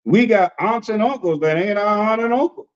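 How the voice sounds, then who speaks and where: A man preaches in an easy, conversational way, folksy and animated. He repeats phrases and slips into the voices of the people he quotes. The sound is dull and lo-fi, like a livestream. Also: sits high, normal speed. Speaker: apostle and preacher leading a discussion.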